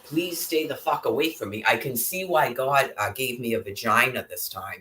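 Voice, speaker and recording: A woman's voice: extremely low pitch, moderate pace, few pauses, bright, forceful tone. A woman in an agitated, profanity-filled angry monologue to camera. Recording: roomy echo.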